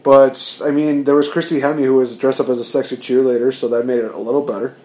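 A man's voice: medium pitch, level tone, fast, darkish tone. Chatty man in an echoey room. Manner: eager, rambling, lots of fillers. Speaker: podcast co-host. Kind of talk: casual chat. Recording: roomy echo.

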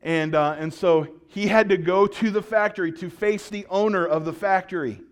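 High-voiced animated male pastor. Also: moderate pace. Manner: storytelling, animated and joking, with acted-out quotes. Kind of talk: sermon.

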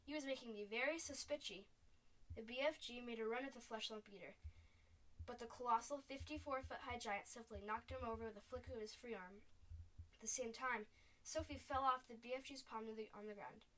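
A woman reading a children's book aloud with expressive storytelling. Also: on the high side, brisk, recorded from a distance, poor audio. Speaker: narrator.

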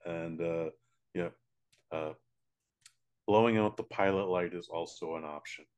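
A man's voice: low-pitched, fairly even intonation, a little slow, darkish tone. A man co-hosting a podcast, reacting bluntly with swearing and dry, muttered asides. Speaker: podcast co-host. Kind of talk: casual chat.

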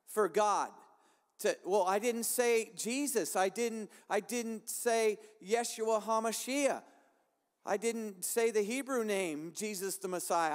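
High-voiced male preacher in a reverberant hall. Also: measured pace. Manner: impassioned, repetitive preaching cadence. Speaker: pastor. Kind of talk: sermon.

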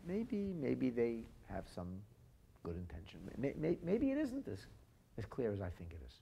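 A man giving a podcast Torah lecture, an expressive storyteller who moves from quiet to loud and weaves in Hebrew and Aramaic phrases. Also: mid-range voice, moderate pace, creaky, breathy edge. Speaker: Torah teacher.

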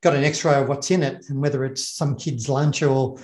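A man's voice: medium pitch, steady tone, normal speed, a little mellow. A middle-aged Australian man, a former bomb technician, telling a story in casual chat, rambling and repeating words as he acts out what others said. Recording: echoey room.

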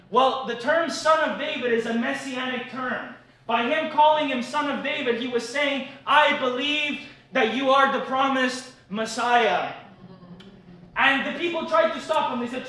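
High, bright-voiced pastor preaching live. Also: male voice, unhurried, heavy reverb, distant mic, poor audio. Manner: storytelling preacher who builds to shouted declarations. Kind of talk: live sermon. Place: cafe meeting room.

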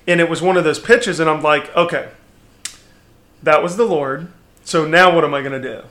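A man in his thirties talking as a podcast guest, his voice bright and fairly high. He tells his story candidly and with energy, often restarting his sentences. The delivery is a relaxed, casual conversation. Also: moderate pace. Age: 30s.

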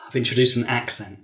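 A man chatting casually with friends and reading his own story aloud in a dry manner. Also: mid-range voice. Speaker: podcast co-host reading his story chapter.

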